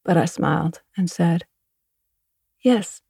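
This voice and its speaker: A woman narrating a first-person audiobook in a measured, even way. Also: on the low side, gravelly, no echo, studio quality.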